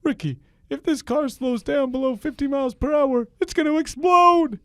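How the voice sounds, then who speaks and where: A man putting on a shrill, nasal comedian host for improv comedy, pitched far above his own voice and pushed loud. The delivery is over the top and exclaiming, in a dry, close sound. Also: moderate pace, no echo. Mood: excited. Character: excitable, high-pitched male celebrity comedian host.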